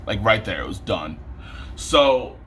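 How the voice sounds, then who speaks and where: A young man vlogging a storytime, animated and exasperated, his voice jumping up when he rants. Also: fairly low pitch, takes it slowly, slight background noise. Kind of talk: storytime vlog.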